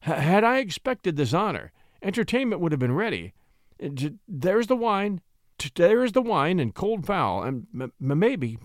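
A man's voice: high-pitched, huge pitch swings, normal speed, dry recording, studio quality, voice pushed up, heavily acted. A man voicing a frightened innkeeper who stammers and grovels before a lord. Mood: fawning. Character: frightened, fawning male innkeeper.

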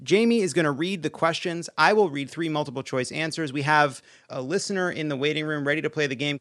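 A man hosting a comedic political show, energetic and sarcastic. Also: fairly high pitch, no echo, clean studio sound. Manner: sarcastic, energetic, quick jokes. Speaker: podcast host.

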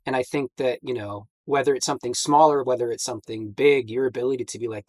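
Husky-voiced man, candid and reflective. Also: medium pitch, fairly even intonation, fast talker, hardly any pauses, a little mellow, dry recording. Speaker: podcast guest. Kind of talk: candid conversation.

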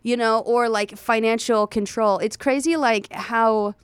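Young female co-host, blunt and profane, clear higher voice, dry mic. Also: steady tone, a little slow, no echo. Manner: blunt, swears freely, fillers. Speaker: podcast co-host. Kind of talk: casual chat.

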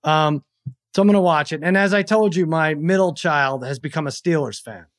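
A man in his forties telling a story in casual chat on a podcast, acting out his family's shouts. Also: on the high side, a little fast. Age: 40s. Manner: animated storyteller who acts out family members' shouts. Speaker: podcast guest.

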